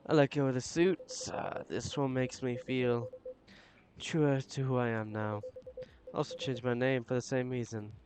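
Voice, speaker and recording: A man's voice: mid-range voice, fairly even intonation, unhurried, background noise, natural voice. A man reading a shy alien becoming human. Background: game music.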